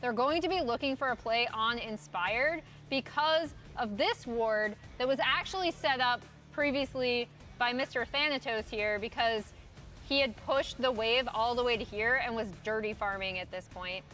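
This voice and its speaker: Casting: high, bright female desk analyst walking through plays briskly. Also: soft background music. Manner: quick, explanatory walkthrough.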